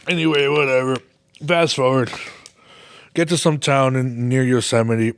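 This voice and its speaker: A man's voice: medium pitch, steady tone, normal speed, long pauses, a bit bright, smooth. Man swearing through a rambling story. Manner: rambling, heavy swearing, laughs at his own stories. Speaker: podcast host. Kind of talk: casual storytelling monologue.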